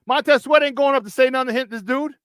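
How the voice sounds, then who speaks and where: A high-pitched man hosting sports talk radio. He rants in a heated, emphatic way and hammers his points home with repetition. The sound is dry and close. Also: quick pace, a bit bright, clean tone, no room sound.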